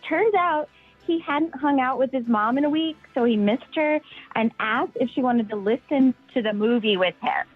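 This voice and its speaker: A woman's voice: sits high, normal speed, soft background music. Woman caller on a tinny phone line. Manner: casual storytelling. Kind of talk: telling a dating story on air.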